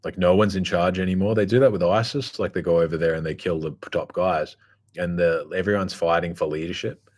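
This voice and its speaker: A man with a very low voice holds forth in a loose, casual monologue. He talks bluntly, swears freely and keeps circling back with fillers and restarts. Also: steady tone, fairly quick, a little mellow. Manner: rambling, blunt and profane, full of fillers. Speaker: podcast host.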